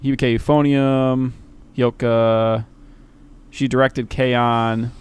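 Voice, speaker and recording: A man's voice: mid-range voice, level tone, takes it slowly, smooth. A man rambling in casual podcast chat as a host, hesitant and self-deprecating, often breaking into laughs.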